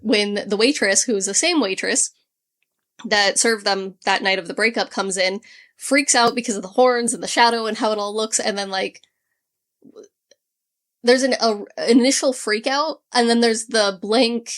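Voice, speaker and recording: A woman's voice: a little high, moderate pace, fairly bright tone. A woman co-hosting a book club podcast, walking through a novel's plot in a casual, meandering way. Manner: plot summary full of fillers and restarts. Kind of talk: casual chat.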